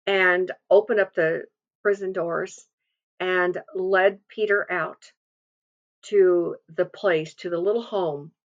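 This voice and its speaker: A woman's voice: fairly low pitch, dull audio. A woman giving an earnest devotional testimony, telling a story and quoting scripture. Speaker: devotional speaker.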